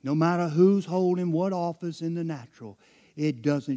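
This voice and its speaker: A middle-aged man, preaching a sermon as pastor, dropping to low murmurs and rising to loud, high climaxes. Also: steady tone, brisk.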